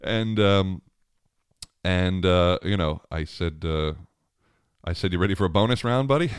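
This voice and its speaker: A man in his thirties with a very low voice tells a story about his family in a loose, rambling way. He keeps breaking into chuckles and circles back over his own words. The sound is dry and close, with no room echo. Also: takes it slowly, pauses often, clean tone. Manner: chuckles often, rambling with many restarts and fillers. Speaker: father telling a family story. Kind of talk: casual storytelling monologue.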